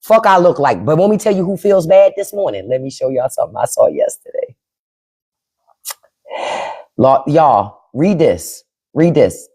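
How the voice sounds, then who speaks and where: A woman's voice: low-pitched, lively intonation, moderate pace, long pauses, mellow, breathy edge. A woman hosting a livestream, ranting with sarcastic, profane commentary. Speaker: livestream host. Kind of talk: casual livestream rant.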